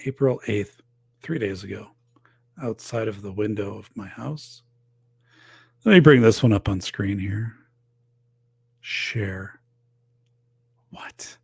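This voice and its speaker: A man's voice: on the low side, takes it slowly, vocal fry, pauses often, a little mellow, husky. A man in his forties or older hosting a casual livestream from his home office, rambling with lots of fillers and losing his voice. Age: 40s or older. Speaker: podcast host.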